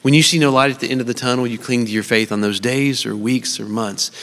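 A middle-aged man with a mid-range, slightly bright voice preaches a sermon at a church service, speaking fast in a steady tone. His style is earnest and personal, built on storytelling with touches of humor, and a large hall gives the recording a long reverb.

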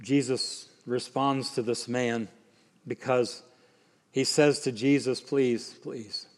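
A man preaching a sermon with emphatic swings from quiet, slow lines to raised ones. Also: medium pitch, fairly even intonation. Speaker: pastor. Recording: long hall reverb.

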